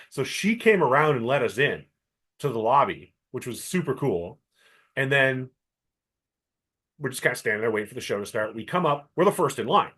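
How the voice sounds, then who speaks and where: A middle-aged man from Canada, co-hosting a podcast and telling a long story with lively acted-out quotes. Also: medium pitch, fairly quick, slightly rough. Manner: animated storyteller, acts out quoted voices. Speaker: podcast co-host. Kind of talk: casual chat.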